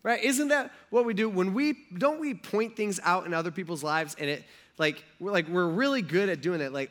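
A pastor with a high-sitting voice preaches briskly in a casual, conversational manner. He's animated, acting out quotes as he talks.

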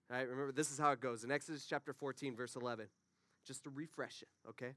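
A man's voice: mid-range voice, steady tone, fast talker, bright, forceful tone, no room sound, studio quality. A man preaching a conversational sermon, full of rhetorical questions and asides to the congregation.

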